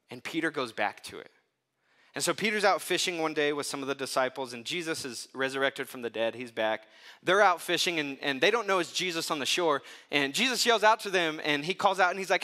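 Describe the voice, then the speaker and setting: A male pastor preaching a sermon in a casual, conversational way, telling stories with animated asides. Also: on the high side, brisk.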